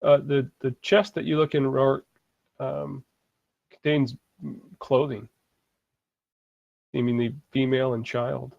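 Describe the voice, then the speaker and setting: Gravelly man running a tabletop game. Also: medium pitch, level tone, a little mellow, no echo, highs cut off. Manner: hesitant, halting descriptions with many fillers. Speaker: dungeon master. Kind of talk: narrating a tabletop game online.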